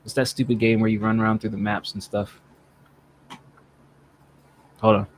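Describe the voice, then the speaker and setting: A man's voice: lowish voice, moderate pace, a little hiss or hum. A man co-hosting a podcast, retelling a co-op game session with acted-out quotes and plenty of swearing. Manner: animated storytelling, acting out quotes, profane. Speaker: podcast co-host. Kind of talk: casual chat.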